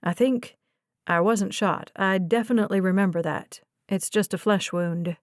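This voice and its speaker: A woman voicing a calm, protective young man who talks in short, clipped phrases, in an audiobook. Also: mid-range voice, moderate pace, no echo, clean studio sound, natural voice.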